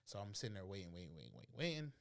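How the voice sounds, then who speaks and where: A man co-hosting a podcast, telling a story in a casual chat and acting out the dialogue with lively energy. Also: low voice, very fast, gravelly. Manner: animated storyteller, acts out dialogue, breaks into laughter. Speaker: podcast co-host.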